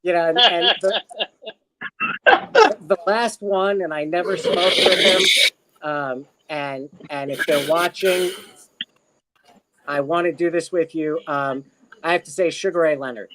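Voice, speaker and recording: A man's voice: a little high, measured pace, long pauses, noisy background. A middle-aged man from Maryland, a podcast guest telling stories in a rambling, casual way. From Maryland, USA. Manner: rambling, with many fillers and restarts. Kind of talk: casual storytelling chat.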